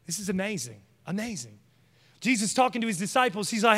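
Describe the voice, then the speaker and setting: High-voiced, bright male preacher. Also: expressive, brisk, in a large hall. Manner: emphatic, conversational, addresses congregation directly. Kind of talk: sermon.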